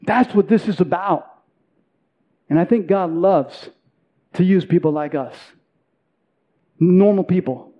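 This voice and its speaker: A man's voice: high-pitched, slow, long pauses, muffled recording. A man in his forties preaching a sermon, earnest and self-deprecating, telling a personal story with repeated words. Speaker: pastor.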